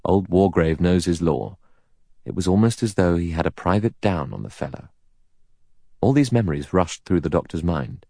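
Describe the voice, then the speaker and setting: Man reading an audiobook, low voice, steady and calm, dry close recording. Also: normal speed, gravelly, no echo. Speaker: narrator. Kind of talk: scripted audiobook narration.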